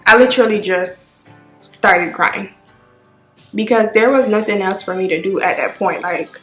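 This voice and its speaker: Woman vlogging, shaky emotional story, voice jumps up high when upset, roomy echo. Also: steady tone, normal speed, a bit bright. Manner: raw, tearful retelling with sudden rises. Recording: echoey room with faint music.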